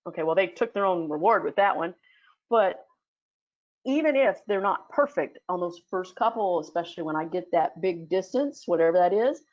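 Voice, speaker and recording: A woman's voice: medium pitch, muffled recording. A woman giving a casual talk as a dog sport instructor, chatty, with many fillers and restarts. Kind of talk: casual teaching talk in an audio chat room.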